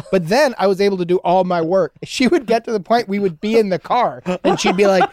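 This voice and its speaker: A man hosting an advice podcast, joking and telling stories in an animated way. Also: sits high, a little fast, few pauses, no echo. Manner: joking, builds to loud, animated storytelling. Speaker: podcast host. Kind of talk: casual chat.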